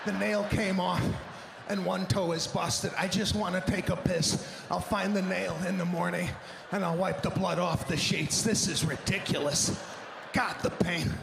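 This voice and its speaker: A male stand-up comedian doing a live routine, telling stories in an animated, exasperated way with big swings in voice. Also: high-pitched, normal speed, vocal fry, background noise. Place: theater stage before a live audience. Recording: echoey live venue with long reverb.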